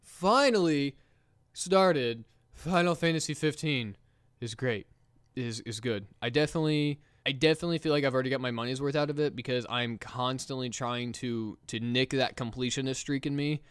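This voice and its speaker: A man in casual podcast chat, animated and quick to laugh. His voice sits at an ordinary pitch. He is recorded dry and close, with no room sound. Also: clean tone, no echo. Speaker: podcast co-host.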